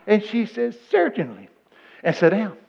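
An older man preaching a folksy sermon full of stories, breaking into loud excited bursts. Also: medium pitch, fairly quick. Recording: muffled lo-fi recording.

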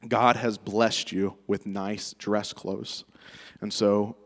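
A man voicing a stern older male church mentor, lecturing in a firm, low tone. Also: flat delivery, slow pace, big-room sound.

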